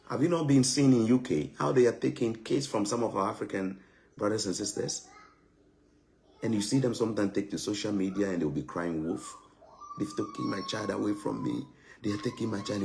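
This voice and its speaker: A man's voice: on the low side, slight background noise. A Ghanaian man with a Ghanaian English and Pidgin accent, chatting animatedly to camera and mixing in Pidgin. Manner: animated, mixes in Pidgin, laughs often. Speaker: vlogger. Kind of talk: casual chat to camera.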